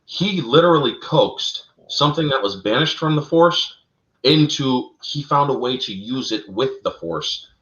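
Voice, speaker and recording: A man co-hosting a casual fan lore talk, animated and calling his listeners "folks". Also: medium pitch, a little slow. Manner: animated, addresses listeners as folks, laughs at own slips. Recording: roomy, dull lo-fi sound.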